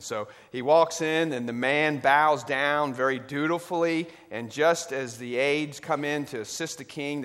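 A man preaching a sermon, retelling a story with dramatic swings between loud, lively passages and hushed ones. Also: medium pitch. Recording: long reverb of a large hall.

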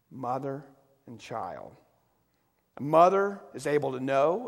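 A middle-aged male pastor preaches in a church sanctuary, his voice sitting a little high for a man. He tells his story with sweeping dynamics, pressing hard on key words, then dropping almost to a hush. A long reverb trails every phrase through the hall. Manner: storytelling with wide swings from loud emphasis to hushed, soft delivery. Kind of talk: sermon.

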